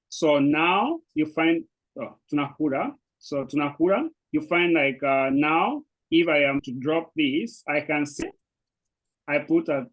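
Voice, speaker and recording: This native-speaking Swahili teacher, a man with a fairly high pitch, explains an online language lesson in English in a hesitant way full of fillers and restarts. The recording is of poor quality.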